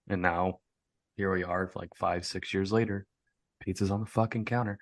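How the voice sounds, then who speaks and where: A young man on a podcast, co-hosting and swearing freely as he tells animated stories in casual chat. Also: deep voice, normal speed, creaky, no echo. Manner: profane, animated storyteller. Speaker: podcast co-host.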